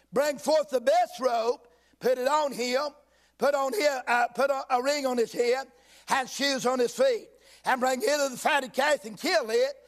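In a church sanctuary, a male pastor preaches, reading King James scripture at a slow pace and interjecting folksy asides, sometimes shouting to make a point. His voice is very high.

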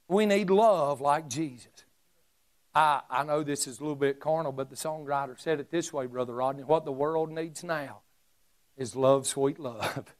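A high-pitched man preaching with fervor. He calls out to his congregation, rising and falling as he drives each point home. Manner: fervent preaching with call-and-response asides. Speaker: pastor. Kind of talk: sermon.

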